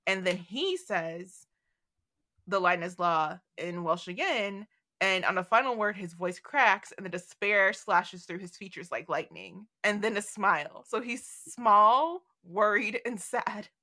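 Lively bright-voiced woman podcaster. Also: mid-range voice, unhurried. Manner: animated, retells scenes with dramatic voices. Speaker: podcast co-host. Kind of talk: casual book discussion.

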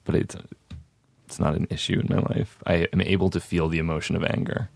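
A young man answers in short, understated replies. His voice is extremely deep and full of fry. It is recorded dry and close. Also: fairly quick, no room sound. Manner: terse, flat, understated answers. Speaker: guest. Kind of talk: casual interview chat.

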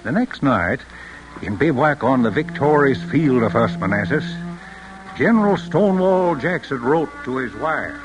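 A man's voice: medium pitch, animated, measured pace, over music, natural voice, low-quality recording. An actor playing an old grandfather and war veteran telling stories to his grandson in a radio play. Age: older. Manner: fond storytelling, chuckling. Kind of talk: 1940s radio acting.

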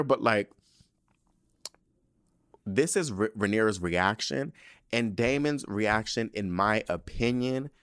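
Male podcast host, low-pitched and dry, doing animated, profane episode-recap commentary. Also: dry recording. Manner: animated, profane, slangy storytelling.

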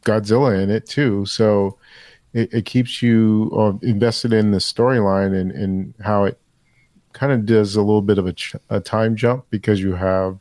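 Low-voiced man groping for words. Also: a little mellow, dry recording. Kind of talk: casual chat.

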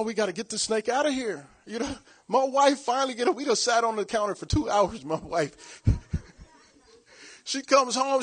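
A man preaching a sermon through a comic personal story, laughing often, shouting and acting out the voices of the people in it. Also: high voice.

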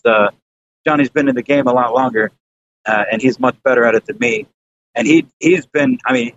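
A man chatting casually on a podcast, rambling with lots of fillers and restarts and casual swearing. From American South. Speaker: YouTuber guest. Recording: slightly dull lo-fi sound with faint rumble.

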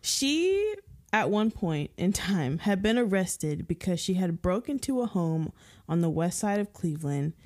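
A woman's voice: fairly low pitch, a little slow. A woman co-hosting a podcast in casual chat, telling stories with lots of giggles. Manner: giggly, animated storytelling. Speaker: podcast co-host.

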